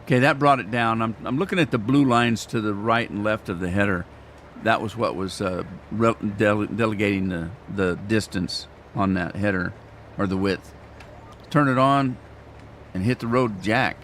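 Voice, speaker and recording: A man's voice: on the low side, moderate pace, a bit bright, slight background noise. An older man giving rambling, self-deprecating commentary while playing a farming game. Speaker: gaming streamer. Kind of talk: casual gameplay commentary.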